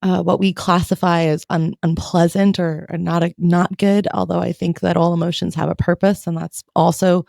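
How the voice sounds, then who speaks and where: A woman's voice: on the low side, little pitch movement, normal speed, creaky, few pauses, a little mellow, no echo, clean studio sound. A woman in her thirties, a therapist hosting a podcast interview, chatting casually and sharing parenting stories. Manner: conversational, shares parenting stories, frequent fillers.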